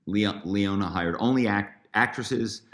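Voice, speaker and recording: A man's voice: on the low side, measured pace, a bit bright. A middle-aged man, a guest, telling stories in an interview, chatty with many fillers and restarts. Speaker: guest, author and former corporate spy. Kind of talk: storytelling interview.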